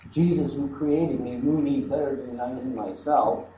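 A man's voice: mid-range voice, fairly even intonation, moderate pace, slight background noise. Echoey preaching man. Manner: emphatic, repetitive, shifting from hushed to loud. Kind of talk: sermon. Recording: echoey, dull hall recording.

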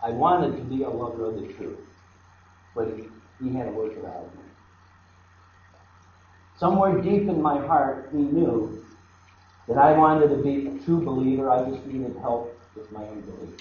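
A man preaching a sermon, emphatic and repetitive, dropping to a hush and then rising loud. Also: mid-range voice, moderate pace, long pauses, slight background noise. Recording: echoey, dull hall recording.

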